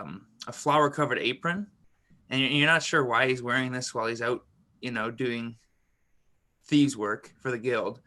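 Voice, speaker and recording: A man's voice: mid-range voice, pushed and bright. A man playing a tabletop game, casually describing his character. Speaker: player.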